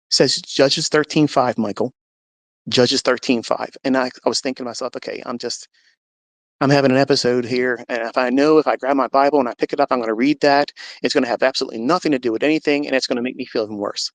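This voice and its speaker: A man's voice: mid-range voice, steady tone, fast talker, no echo. A man earnestly telling a personal story in a live audio room, acting out what people said with rising intensity. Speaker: host.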